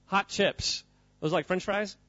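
A man's voice: high voice, steady tone, slow, sharp tone, no echo, highs cut off, soft background music. A man giving an informal, joking talk to a live audience, quizzing the crowd as he goes. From United States. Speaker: speaker at a church gathering.

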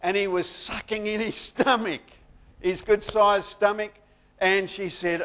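A man pastor who prays softly, then preaches a sermon with lively humor and jokes. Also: high voice, measured pace.

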